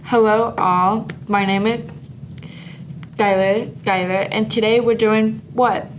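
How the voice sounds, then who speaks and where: Teen girl, sign-language segment, unhurried halting delivery, noisy recording. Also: medium pitch, fairly even intonation. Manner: slow, halting instructions with lots of "like". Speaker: student sign language presenter. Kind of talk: teaching signs step by step. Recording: noisy room.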